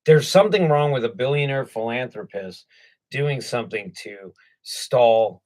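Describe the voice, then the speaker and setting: A man's voice: medium pitch, measured pace, a little mellow, rough recording. A man co-hosting a casual political chat show, sarcastic, profane and jokey. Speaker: co-host.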